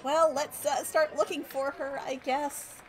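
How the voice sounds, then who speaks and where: A woman's voice: high-pitched, fairly even intonation, a little slow. A woman playing a tabletop role-playing game, exclaiming at her dice rolls and calling out in character. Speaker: player. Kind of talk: casual tabletop role-play.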